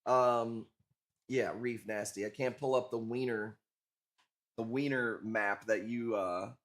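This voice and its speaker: An Illinois man selling coral on a live auction stream jokes loosely with viewers, swearing as he goes. He takes it slowly, with a steady tone in a medium-pitched voice that's a bit bright.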